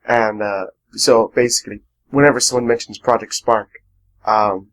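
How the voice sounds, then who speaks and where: A man's voice: fairly low pitch, steady tone, moderate pace, rough recording. A man co-hosting a casual podcast, giving strong opinions in a rambling way full of ums and uhs. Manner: opinionated, rambling, many fillers. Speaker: podcast co-host. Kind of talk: casual chat.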